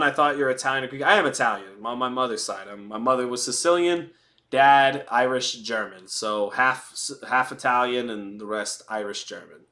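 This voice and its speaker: A man's voice: medium pitch, sharp tone. A man hosting a live fight watch party, chatting casually, answering viewer chat and making blunt, profane jokes. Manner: blunt and profane with joking asides. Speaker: livestream host.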